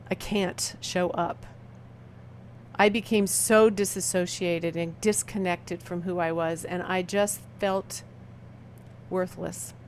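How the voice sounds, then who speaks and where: A woman's voice: on the low side, a little hiss or hum. Middle-aged woman telling a heavy personal story. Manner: slow, heavy dramatic pauses, quiet intense delivery. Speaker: motivational speaker. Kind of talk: emotional personal testimony talk.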